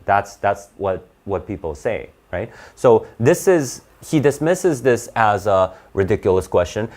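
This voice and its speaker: A man's voice: medium pitch, expressive, measured pace, hardly any pauses, a little mellow. A man giving a casual explanatory lesson, rambling and checking in with "right?" often. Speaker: English teacher.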